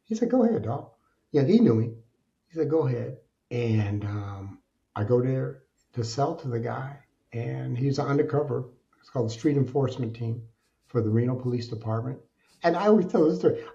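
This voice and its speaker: Animated man telling his story, dark tone. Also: mid-range voice, moderate pace, gravelly, dull audio. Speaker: podcast guest. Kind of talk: candid storytelling interview.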